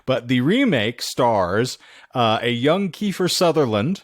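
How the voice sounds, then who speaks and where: A man's voice: medium pitch, big pitch swings, slow pace, no room sound, clean studio sound. A man co-hosting a podcast, chatting casually and rambling through film plot recaps with lots of fillers. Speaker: podcast co-host. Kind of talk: casual chat about films.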